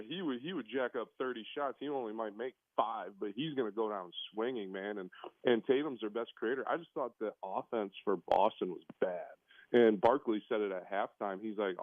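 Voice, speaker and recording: A man, a basketball coach calling in as a guest, chatting casually and getting animated as he breaks down a game. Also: mid-range voice, normal speed, dry recording. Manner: relaxed, chatty, animated when critiquing. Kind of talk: casual phone-in chat. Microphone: phone. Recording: tinny phone line.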